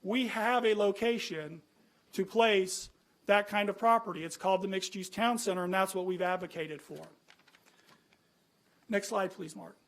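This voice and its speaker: Concerned citizen at a public hearing, a man from California, high-voiced, earnest and argumentative, rhetorical questions. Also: normal speed, a bit bright. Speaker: citizen speaking at a planning commission. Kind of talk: public comment with slides.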